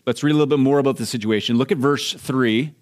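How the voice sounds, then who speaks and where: A man's voice: medium pitch, fast talker. A man from Minnesota, a pastor giving a sermon, explaining scripture verse by verse in a conversational way.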